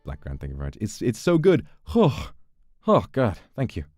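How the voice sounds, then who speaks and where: A man chats casually with his stream viewers while reading out donations, playful, animated and swearing freely close to the mic. His pitch is fairly low and his speed normal, on a dry recording with soft background music.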